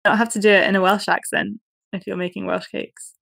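A young woman chats on a podcast she co-hosts, breaking into laughter often. Her voice sits at a middle pitch, and the recording is dry and close. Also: level tone, fairly quick, vocal fry, a bit bright, no room sound. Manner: giggly, laughs often, chatty. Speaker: podcast co-host. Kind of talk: casual chat.

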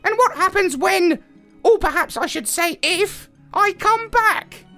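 A man's voice: extremely high pitch, expressive, measured pace, sharp tone, faint music behind, pitched above the performer's own voice, exaggerated voice. A man voicing a pompous, megalomaniac male parrot in a children's storybook reading, with screeching, pompous outbursts. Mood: haughty.

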